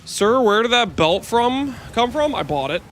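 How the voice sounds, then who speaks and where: A man streaming a game, chatting casually with his viewers in a joking, animated way. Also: very high-pitched, unhurried. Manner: joking, animated, talks to chat. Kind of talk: casual gameplay commentary.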